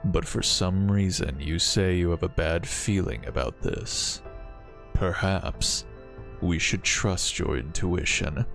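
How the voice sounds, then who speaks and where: Brief: man performing a grim, stern godlike man, low, heavy, slow delivery, hugging the mic. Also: vocal fry, a bit bright, faint music behind, exaggerated voice. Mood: grave.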